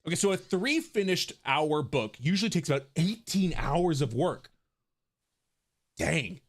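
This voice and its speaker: A man's voice: on the high side, unhurried. A man chatting casually and jokingly with his livestream audience. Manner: animated, jokey, talks to chat. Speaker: streamer.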